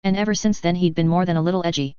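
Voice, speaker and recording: A narrator reading action fiction aloud in a steady, even storytelling manner, on a slightly dull recording. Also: medium pitch, very fast, smooth, no room sound.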